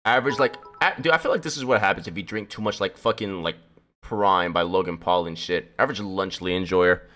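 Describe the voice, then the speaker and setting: A man's voice: deep voice, brisk, fairly bright tone, soft background music. A man streaming, reacting to a video with rambling, profane, joking casual commentary and frequent laughter.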